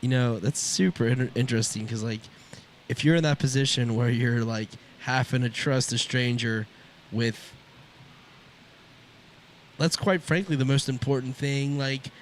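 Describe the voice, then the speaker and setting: An easygoing man co-hosting a casual podcast, agreeable and chiming in often. His voice sits in a middle pitch, with faint noise from the open shop behind him. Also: moderate pace. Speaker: podcast co-host. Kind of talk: casual chat. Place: open shop at a riverside shopping center.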